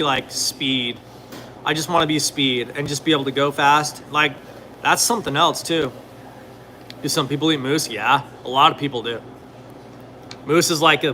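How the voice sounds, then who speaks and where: There's slight background noise as a young man talks at medium pitch, his voice pushed and bright. His casual chat wanders, is thick with fillers and relaxed in manner, and sometimes addresses viewer questions.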